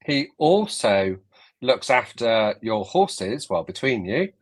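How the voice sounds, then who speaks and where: A man's voice: medium pitch, sing-song, slow pace. A man co-hosting a casual live stream, hesitant and stumbling over his words. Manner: hesitant, stammers and restarts. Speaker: co-host.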